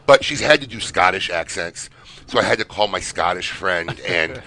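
A middle-aged man co-hosts a casual podcast and gets excited easily, often breaking into loud exclamations. His voice is bright and ringing, and his pitch swings widely. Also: moderate pace, gravelly. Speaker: podcast co-host.

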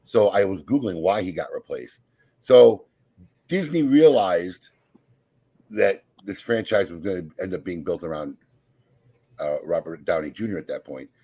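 Man, podcast host, husky, low voice, lively pitch, teasing, casual. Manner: animated, teasing, quick asides. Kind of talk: casual group chat.

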